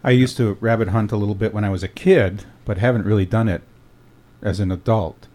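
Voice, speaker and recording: A man's voice: fairly low pitch, fairly even intonation, a little fast, a little mellow. A man hosting a radio show, chatting easily with a guest and asking short questions. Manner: easygoing, asks short questions, laughs often. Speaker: radio host. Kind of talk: casual radio chat.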